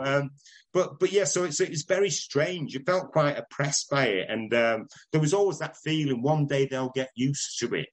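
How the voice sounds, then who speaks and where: Older manchester guy chatting in an interview, husky voice, rambling stories, laughs a lot. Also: on the high side, moderate pace, low-quality recording. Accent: Northern English, Manchester. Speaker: interviewee, broadcaster. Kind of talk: casual interview chat.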